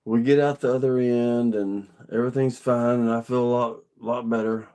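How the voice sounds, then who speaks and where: A man's voice: mid-range voice, steady tone, normal speed, mellow, clean tone. Earnest middle-aged man telling a story. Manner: earnest, rambling, plainspoken. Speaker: vlogger. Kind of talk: casual storytelling to camera.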